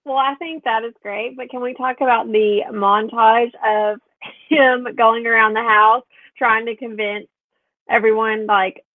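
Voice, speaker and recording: A woman's voice: a little high, fairly even intonation, measured pace, dry recording. A woman co-hosting a casual chat show, upbeat and chatty, who talks through her slips. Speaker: co-host. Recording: tinny phone-like line.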